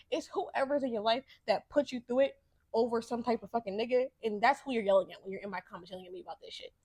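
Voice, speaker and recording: A woman's voice: a little high, dry recording. Young woman podcaster, dry close sound. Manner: candid, profane storytelling, grows heated when ranting. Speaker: podcast host. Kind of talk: casual monologue.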